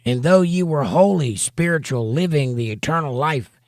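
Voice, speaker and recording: A man's voice: on the high side, lively intonation, normal speed, a little mellow, no echo, clean studio sound. A man teaching a Bible study, reading scripture aloud and breaking off for emphatic, rhetorical commentary. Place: home studio for a livestream.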